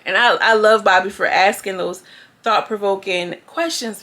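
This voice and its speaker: A woman's voice: medium pitch, normal speed, fairly bright tone. A woman YouTuber giving a chatty, slangy recap of a reality show, acting out the quotes as she goes. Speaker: YouTube reviewer.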